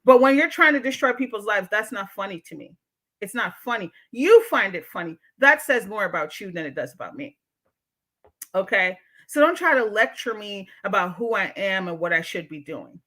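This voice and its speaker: A woman's voice: mid-range voice, lively intonation, normal speed, pushed and bright. A woman hosting a livestream and reading out chat comments. She is a therapist who talks bluntly and swears freely as she lectures her viewers. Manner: blunt, outspoken and profane. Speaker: livestream show host and therapist.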